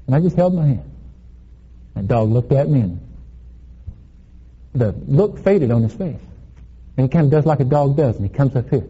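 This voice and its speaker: A man preaching a sermon, telling a playful story with laughs in an animated way. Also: medium pitch, moderate pace, long pauses, breathy edge, muffled recording.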